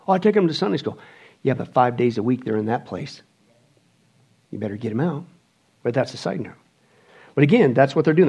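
A man preaching a sermon, emphatic, firing rhetorical questions and swinging between loud bursts and quiet asides. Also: on the high side, muffled recording. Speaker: pastor.

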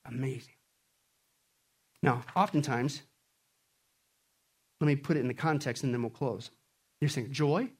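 A man preaching a sermon, animated, swinging between loud bursts and quiet stretches. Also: medium pitch, measured pace, long pauses, husky. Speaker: pastor.

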